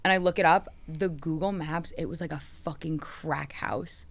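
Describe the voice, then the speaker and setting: A woman's voice: low-pitched, normal speed. A young woman hosting a podcast, telling stories in casual chat, acting out the quotes and swearing often. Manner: animated storytelling, acting out quotes, frequent swearing. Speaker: podcast host.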